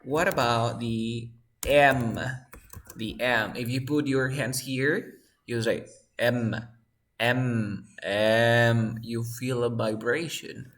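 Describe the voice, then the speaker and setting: Male teacher, unhurried, drills sounds over and over. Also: medium pitch, steady tone, fairly bright tone, slight background noise. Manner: slow, repeats sounds and words, asks the class questions. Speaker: English teacher. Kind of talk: pronunciation lesson.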